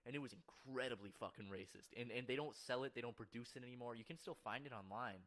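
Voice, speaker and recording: A man's voice: medium pitch, quick pace, fairly bright tone. A young man co-hosting a casual podcast, joking around in restless banter. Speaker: podcast co-host.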